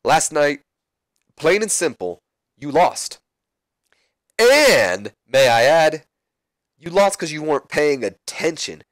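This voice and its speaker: A strutting, boastful wrestler who looks down on everyone and speaks of himself in the third person, as a man puts him on. The voice sits well above the speaker's usual pitch and is pushed louder. The recording is dry and close, with no room around it. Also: big pitch swings, slow pace, pauses often, dry recording. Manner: pompous, talks down to others.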